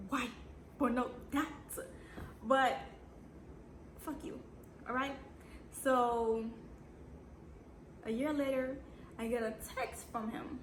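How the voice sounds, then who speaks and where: A woman's voice: a little high, fairly even intonation, takes it slowly, long pauses. Sassy Jamaican woman, echoey room. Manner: blunt, sassy and slangy with dramatic repetition. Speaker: vlogger. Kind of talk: storytime vlog. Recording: echoey room with background noise.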